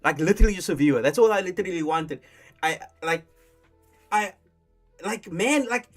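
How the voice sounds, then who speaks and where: A young man from Africa, hosting a casual live stream in a rambling, animated way with many restarts. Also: sits high, moderate pace, pauses often. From South Africa. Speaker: streamer host. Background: faint lo-fi music.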